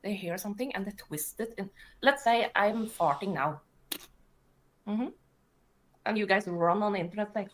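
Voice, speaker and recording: A woman's voice: medium pitch, moderate pace, long pauses, rough recording. A woman talking casually on a livestream, defensive and dismissive. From Norway.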